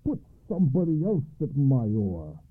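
An excitable teller of tall tales, put on by a storyteller, a man who exclaims everything in a raised, lively voice. The sound is thin and phone-like. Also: mid-range voice, normal speed, breathy edge, pitched above the performer's own voice. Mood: excited.

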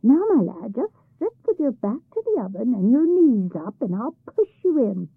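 A woman reading a storybook, voicing an impatient, bossy old troll wife with a shrill voice. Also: big pitch swings, moderate pace, breathy edge, no echo, heavily acted. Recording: tinny phone-like sound.

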